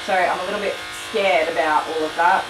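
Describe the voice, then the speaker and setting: Chatty woman, low voice, roomy. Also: fairly even intonation, a little fast, recorded from a distance, over music. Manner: chatty, rambling, frequent ums and laughs. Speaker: dog groomer and live stream host. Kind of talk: casual live stream chat. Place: grooming salon. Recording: roomy, from off the mic.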